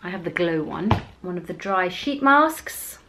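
A woman's voice: fairly low pitch, lively intonation, a little slow, noisy background. A middle-aged woman chatting casually as she unboxes beauty products for her vlog, gushing and exclaiming as she goes. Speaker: beauty vlogger.

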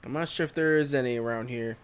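A man's voice: mid-range voice, quick pace, clean tone. A man giving casual solo commentary over a survival game, exclaiming at surprises. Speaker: gameplay commentator.

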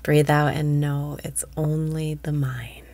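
A woman's voice: low-pitched, level tone, slow, mellow, dry recording. A woman guiding a meditation, giving half-whispered breathing cues and speaking with blunt, profane, self-deprecating candor. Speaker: meditation guide. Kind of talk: guided meditation.

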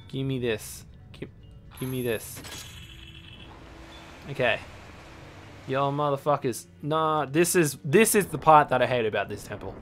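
Slow-talking young man, bright sweary commentary. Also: medium pitch. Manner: swears a lot, bursts into yelling at enemies. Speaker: gaming channel host. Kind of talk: casual let's play commentary. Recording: faint game music behind.

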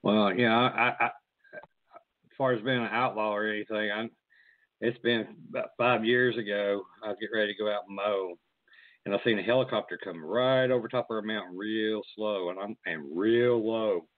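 A man's voice: lowish voice, steady tone, moderate pace, dry recording. A man hosting a casual chat, telling rambling stories and swearing freely. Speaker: host. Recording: phone-like line.

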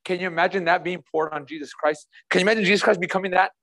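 A man's voice: high-pitched, steady tone, racing, fairly bright tone. A man preaching a passionate sermon as pastor, repeating rhetorical questions and talking in a casual, conversational way.

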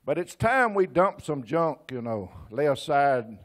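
A man's voice: a little high, sing-song, measured pace. An older man in his sixties with an East Texas accent, preaching a folksy sermon full of personal stories and stammered restarts. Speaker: church speaker.

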